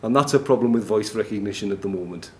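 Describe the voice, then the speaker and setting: A man's voice: on the low side, quick pace, warm tone. A man giving a live technical presentation in a noisy, echoey conference room, chatty and self-deprecating, often laughing. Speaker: conference speaker.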